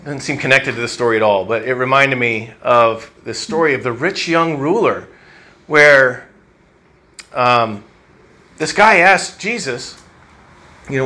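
A man's voice: mid-range voice, unhurried, pauses often, bright, forceful tone. A man preaching a sermon in a church, in a conversational, reflective way that thinks aloud with fillers and restarts. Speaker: pastor.

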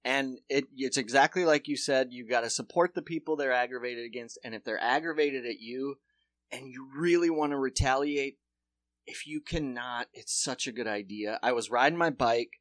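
Podcast co-host, male, bright dry voice, animated swearing storyteller. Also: medium pitch, moderate pace, dry recording. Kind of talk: casual chat.

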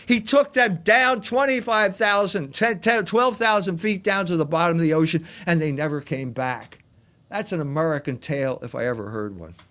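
A man's voice: on the high side, fairly bright tone. A man hosting a livestream, delivering an emphatic monologue full of rhetorical questions that he answers himself. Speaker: host and lecturer.

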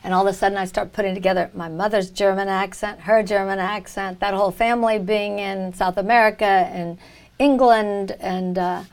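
A woman reporter and writer, a guest in an interview, telling a personal story with lively emphasis. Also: mid-range voice, moderate pace.

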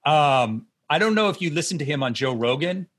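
A man hosting a podcast, talking in a lively, sing-song way with a bright, slightly husky voice. He rambles through anecdotes in relaxed conversation. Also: a little high, a little fast. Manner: rambling, animated storytelling. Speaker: podcast host. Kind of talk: casual interview.

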